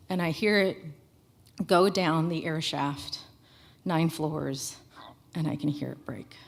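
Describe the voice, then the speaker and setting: A woman with a low-pitched voice recounts a personal story at a live storytelling show. She speaks candidly and matter-of-factly into a stage microphone, in an unpolished conversational way.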